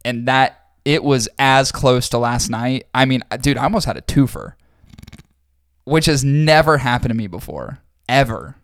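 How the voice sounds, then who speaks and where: A man co-hosts a casual chat, telling his stories in a rambling, hesitant way full of fillers. His voice sits at an average pitch. The sound is dry and close, with no room echo. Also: lively intonation, moderate pace. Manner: rambling, hesitant, self-deprecating storytelling. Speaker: podcast co-host.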